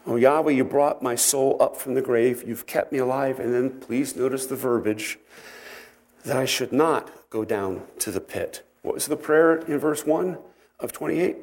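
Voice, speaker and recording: A man giving an expository Bible teaching, reading scripture aloud and then explaining it in an unhurried, conversational way, with fillers and self-corrections. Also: mid-range voice, darkish tone.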